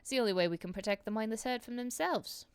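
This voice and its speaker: A woman's voice: fairly high pitch, quick pace, clean tone, dry recording, natural voice. A woman voicing a stern male enforcer captain, officious and scornful, reading game dialogue aloud in stiff formal speech.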